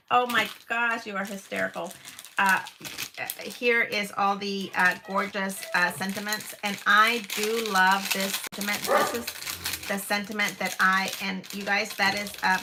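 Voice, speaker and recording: Though her medium-pitched delivery is flat and measured, this woman in her fifties still gushes over each piece on her casual home crafting livestream, exclaiming often and using many fillers. Background noise is audible.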